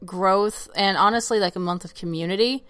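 A woman co-hosting a podcast, chatting casually in an animated, joking, self-mocking way. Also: medium pitch, normal speed, clear, resonant tone, no echo. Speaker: podcast co-host. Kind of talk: casual chat.

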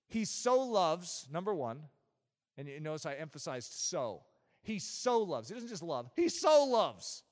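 Male preacher, high lively voice, emphatic sermon delivery, echoing hall. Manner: animated, emphatic preaching with sudden drops to a low voice.

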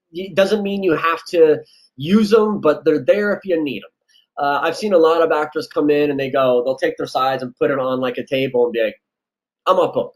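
A man's voice: a little high, rough recording. A man giving casual audition advice as a casting director, loose and chatty with lots of fillers. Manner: loose, chatty, lots of likes and you-knows.

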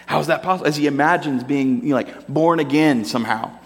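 A man's voice: a little high, fast. A man preaching a sermon, telling the story with animation and acting out the characters in voices. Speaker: pastor. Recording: long reverb of a large hall.

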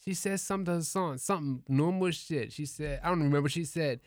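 Animated storytelling comedian, dry sound. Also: male voice, on the high side, fast talker, dry recording. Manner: animated, slangy, profane storyteller. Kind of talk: casual storytelling chat.

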